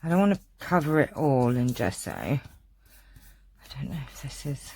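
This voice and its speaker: A woman's voice: extremely low pitch, big pitch swings, moderate pace, vocal fry, breathy edge. A woman chatting in a gushing, rambling way while giving a casual craft tutorial at home. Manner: warm-hearted, gushing, rambling. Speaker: crafting vlogger.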